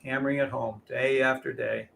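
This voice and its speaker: A man hosting a live trading show, ranting in a loud, profane, combative way to his viewers. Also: medium pitch, fairly even intonation, moderate pace, gravelly. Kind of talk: heated livestream rant.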